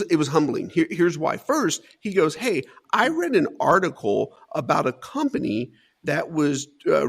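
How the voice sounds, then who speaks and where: A man in his forties from Dayton, Ohio, a company CEO, appears as a guest on an interview show. His voice is a little high and gravelly. He tells a story with lively energy, acting out what other people said and laughing often.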